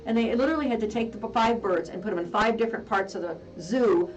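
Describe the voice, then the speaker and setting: A woman's voice: medium pitch, quick pace. A middle-aged woman co-hosting a casual chat, telling stories with lots of laughter and acted-out voices. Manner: animated storyteller who mimics voices and laughs often. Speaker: co-host. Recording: distant mic.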